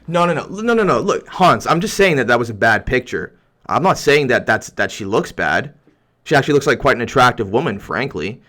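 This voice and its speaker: A young YouTuber hosting a livestream reads viewer comments aloud in a heated, rambling rant that keeps restarting. His medium-pitched voice is animated, fairly quick, and fairly bright.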